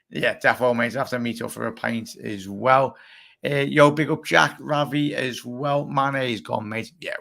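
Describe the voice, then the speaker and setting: A young Scouse man with a groggy, hoarse voice, hosting a casual live football chat and answering viewers as he rambles. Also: mid-range voice, fairly bright tone. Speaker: livestream host.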